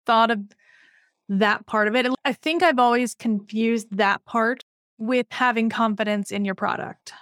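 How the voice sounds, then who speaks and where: Woman, podcast host, slightly high voice, dry close sound, chatty. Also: normal speed, a bit bright, clear, resonant tone, no echo. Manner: chatty, reflective, asks "you know what I mean?". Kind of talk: podcast interview.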